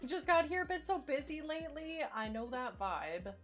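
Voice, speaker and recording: A woman's voice: sits high, sing-song, moderate pace, a bit bright. A woman chatting candidly with her live-stream viewers while playing a game, filling her talk with "like". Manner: chatty and candid, fillers like "like" everywhere, greets chat. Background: faint game music.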